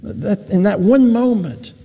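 A man's voice: high-pitched, a little slow, mellow, slightly rough, long reverb tail. A man preaching a sermon, telling stories in a folksy way. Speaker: pastor.

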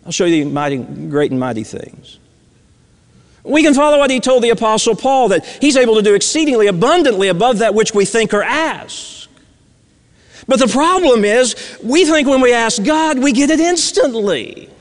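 A man's voice: very high-pitched, animated, moderate pace. A man preaching a sermon, earnest and repeating phrases for emphasis. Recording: long reverb of a large hall.

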